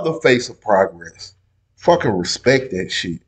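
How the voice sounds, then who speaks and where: A man hosting a reaction video, giving casual, profane commentary on a debate clip and swinging between loud outbursts and low asides. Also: sing-song, a little slow, slightly rough.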